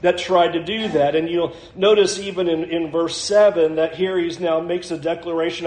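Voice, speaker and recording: A man's voice: high voice, a little mellow, echoey room. A male pastor preaching a sermon, reading scripture aloud and explaining it verse by verse.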